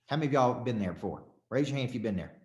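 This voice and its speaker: A man's voice: medium pitch, animated, rapid-fire, darkish tone, echoey room. A man coaching a live audience in a motivational talk. He speaks in short, repeated, punchy phrases and keeps calling on the crowd with questions. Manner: punchy, repetitive, calls on the crowd. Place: event room with audience.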